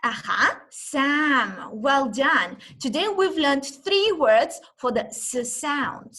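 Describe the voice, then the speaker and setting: A woman giving an online teaching demonstration, talking as if to a class of young children and sounding out letters slowly and with exaggeration. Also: high voice, animated, a bit bright. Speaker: teacher trainer. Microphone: video call.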